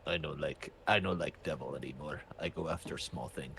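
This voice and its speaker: A man's voice: rumbling low, vocal fry, bright, forceful tone, slight background noise, voice pushed down, heavily acted, rough recording. A man voicing a brutish male monster that talks in simple broken speech. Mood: sulky. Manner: simple broken grammar, slow.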